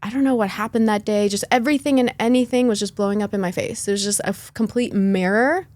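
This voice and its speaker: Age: 30s. Sex: woman. Role: podcast guest. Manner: animated, laughing storyteller. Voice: medium pitch. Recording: dry, close mic. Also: quick pace, dry recording. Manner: animated, laughs often, acts out her own past thoughts. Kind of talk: casual conversational storytelling.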